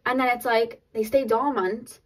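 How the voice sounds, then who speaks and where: A woman does a casual pick-a-card tarot reading for her viewers, excitable and laughing often amid lots of filler words. Her voice sits a little high at a moderate pace, and the recording is low quality.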